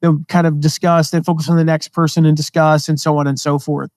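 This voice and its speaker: An American man with a mostly neutral accent talks through his advice in a casual, lively way. His voice sits a little high for a man. The sound is dry and close, with almost no room behind it. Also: a little fast, no room sound. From American Midwest and South. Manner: energetic, conversational, jumps into quoted voices. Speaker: podcast host, affiliate marketing teacher. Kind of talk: casual teaching monologue.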